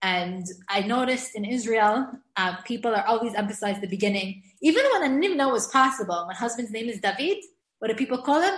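A woman giving an informal Hebrew grammar lesson, chatty and given to laughing, slowing down to spell out example words. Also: a little high, lively intonation, reverberant.

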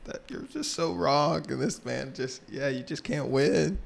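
A man's voice: on the high side, measured pace, gravelly. A man co-hosting a podcast, chatting casually and recounting episode scenes with some hesitation. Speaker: podcast co-host. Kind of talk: casual chat.

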